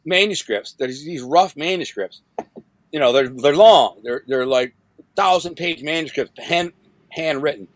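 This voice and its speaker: A man from Detroit telling his life story as a guest, in a casual, animated way, acting out what others said and repeating words for emphasis. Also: dry recording. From Detroit, USA. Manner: animated, acts out quoted voices with big pitch jumps.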